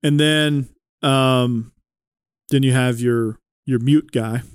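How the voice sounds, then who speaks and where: A man in an easygoing chat, laying out his ideas step by step with plenty of fillers along the way. His voice is mid-pitched and ordinary. The recording is dry, with little room sound. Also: fairly even intonation, slow pace, clear, resonant tone, dry recording. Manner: explanatory, filler-heavy. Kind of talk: casual chat.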